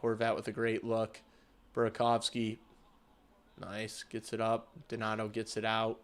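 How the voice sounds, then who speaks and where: A man hosting a hockey livestream, calling the game in casual play-by-play and getting loud and excited on big chances, with some swearing. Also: on the low side, a little slow. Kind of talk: casual live play-by-play commentary.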